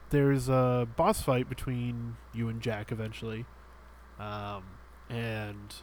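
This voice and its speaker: A man's voice: medium pitch, slight background noise. A man co-hosting a casual podcast, explaining a game in a rambling way with many fillers. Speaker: podcast co-host. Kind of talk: casual chat.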